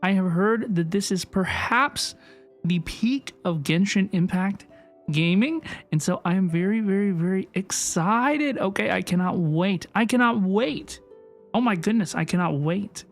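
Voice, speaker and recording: A woman's voice: mid-range voice, animated, unhurried, faint music behind. Bubbly woman streamer greeting chat. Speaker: VTuber streamer. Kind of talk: live game stream chat.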